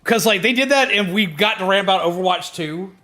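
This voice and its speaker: A man's voice: sits high, brisk, faint music behind. A man streaming a game, chatting casually and yelping at the action. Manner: excitable, yelps at game action. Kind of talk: casual gaming stream chat.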